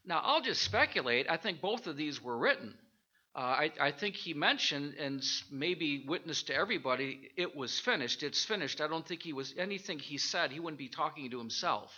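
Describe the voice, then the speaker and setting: A man teaching an informal Bible study, thinking aloud with halting restarts and rhetorical questions. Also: a little high, animated, pushed and bright, highs cut off.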